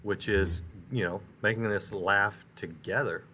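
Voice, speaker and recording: A man hosting a live talk show, introducing and questioning a guest in an upbeat, slightly halting way. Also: lowish voice, fairly even intonation, bright, forceful tone, a little hiss or hum. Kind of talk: interview host introduction.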